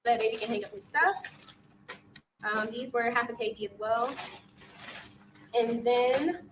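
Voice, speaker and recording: A woman vlogging casually about her purchases at home, saying y'all and sounding relaxed. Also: a little high, unhurried, noisy background. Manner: relaxed, says y'all, excited. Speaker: vlogger, teacher.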